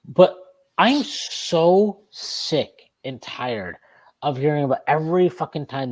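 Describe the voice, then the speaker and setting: A man's voice: on the high side, animated, slow, darkish tone. Man ranting heatedly about a game. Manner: heated profane ranting, emphatic; repeats himself, restarts phrases. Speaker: sports podcast host. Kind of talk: casual postgame sports talk.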